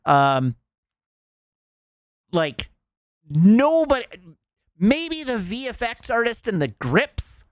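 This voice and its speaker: A male streamer chatting casually to his viewers, rambling with plenty of fillers. His pitch swings widely when he stresses his complaints. The sound is dry, with no room echo. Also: big pitch swings, takes it slowly, long pauses, clear, resonant tone. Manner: rambling, lots of "um" and "like", emphatic complaints.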